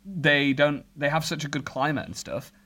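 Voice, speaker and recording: A man's voice: fairly high pitch, steady tone, normal speed, bright, forceful tone. A man from England in a casual comedic chat, making wry, jokey asides.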